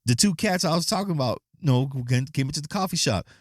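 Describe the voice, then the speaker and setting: A man hosting his own podcast, talking in a profane, animated rant and acting out the people in his stories. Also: on the high side, fast talker, no room sound, clean studio sound. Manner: profane, animated storytelling with quoted voices. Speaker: podcast host. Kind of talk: casual solo podcast rant.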